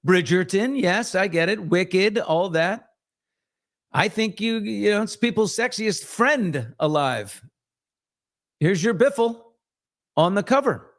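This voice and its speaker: A middle-aged male host riffs through a casual live morning show in a fairly high voice. He sounds blunt, sarcastic and sure of his opinions, and now and then he slips into mimicking someone else. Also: lively intonation, slow pace, pauses often. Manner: mimics other voices in quotes.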